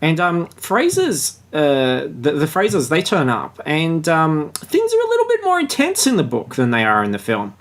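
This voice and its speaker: A man's voice: on the high side, wildly swooping pitch, normal speed, few pauses. A man hosting a podcast, chatting casually and sarcastically about a book and reading passages aloud. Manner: crude, joking, sarcastic. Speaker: podcast host.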